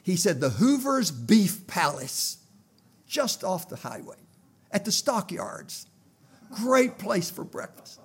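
An older man preaching a sermon, telling a personal story in a folksy way and rising to loud, emphatic prayer. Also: sits high, big pitch swings, slow, husky.

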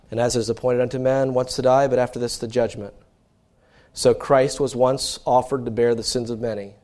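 A middle-aged man preaching a sermon as pastor, swinging from quiet, low asides to loud, animated emphasis.

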